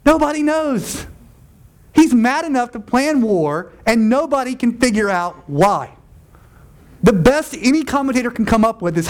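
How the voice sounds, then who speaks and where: A man preaching a sermon as pastor, conversational and emphatic, often repeating his phrases. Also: high voice.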